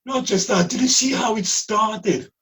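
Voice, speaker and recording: A man's voice: high-pitched, a little slow, sharp tone, distant mic. A man co-hosting a podcast who cuts in with sarcastic remarks and swearing in casual film talk. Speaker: podcast co-host. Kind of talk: casual chat reviewing a film.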